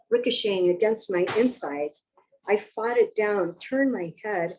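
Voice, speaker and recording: A woman reads her own story aloud at a live reading, narrating in a wry, expressive first person. Her voice sits at a middling pitch. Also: slight background noise, rough recording. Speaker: author reading her fiction.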